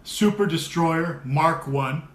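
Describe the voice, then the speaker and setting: A man chatting casually with friends, an animated storyteller who laughs often. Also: fairly high pitch, takes it slowly. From America. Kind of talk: casual chat. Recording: echoey room with faint noise.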